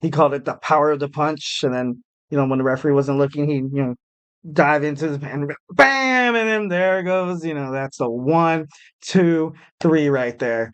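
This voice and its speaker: A man's voice: on the high side, moderate pace, clean tone. A man hosting a solo podcast, talking casually in a rambling, self-deprecating way with lots of fillers. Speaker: podcast host.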